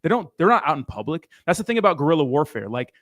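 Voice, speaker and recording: San diego guy co-hosting a stream, talks fast, blunt and swears a lot. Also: fairly high pitch, very animated, a bit bright, no echo, clean studio sound. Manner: blunt, profane, opinionated. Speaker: livestream co-host. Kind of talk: casual livestream chat.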